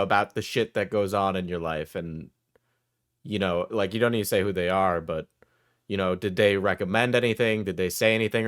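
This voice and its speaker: A man's voice: low voice, a bit bright, smooth. A man co-hosting a livestream, asking a caller long, rambling questions. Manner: asks probing questions, rambling. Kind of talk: casual chat.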